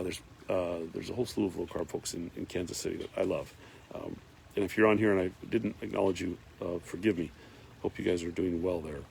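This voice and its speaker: A man's voice: on the low side, vocal fry, darkish tone, slightly rough. A man hosting a casual live stream from his farm, reading viewer comments aloud and rambling with lots of fillers. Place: farm in Northern California.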